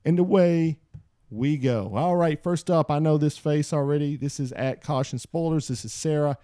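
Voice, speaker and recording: A man hosting a podcast in casual chat, reading out listener posts and jumping up in pitch when he wants to stress a point. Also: moderate pace, no room sound, studio quality. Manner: animated, jumps high in pitch for emphasis. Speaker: podcast host.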